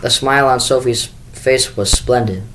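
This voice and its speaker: A man's voice: mid-range voice, moderate pace, fairly bright tone, slight background noise, rough recording. A man reading a children's book aloud in first person, with the occasional small restart. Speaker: school staff reader.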